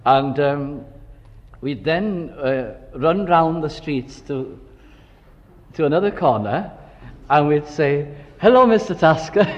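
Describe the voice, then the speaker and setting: A man's voice: fairly high pitch, animated, takes it slowly, long pauses. An older man preaching a sermon, reflective and full of storytelling asides. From Wales. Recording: dull recording with long hall reverb.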